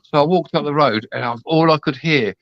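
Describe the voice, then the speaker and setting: A man's voice: a little high, fairly quick, no echo. A man, chatting on a live stream, telling stories, swearing freely and acting out the people he quotes. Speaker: host. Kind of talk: casual chat on a live stream. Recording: dull, dry lo-fi sound.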